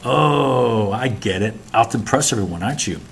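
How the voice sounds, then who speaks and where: A man's voice: medium pitch, lively intonation, moderate pace, slight background noise, lightly acted. A man reading a bitter, scheming young naval officer who snaps orders and puts on forced friendliness. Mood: falsely friendly.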